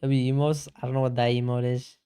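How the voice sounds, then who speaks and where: A man's voice: medium pitch, flat delivery, fast, mellow, smooth. A man streaming casually, chatting slangily and calling everyone bro while answering his chat.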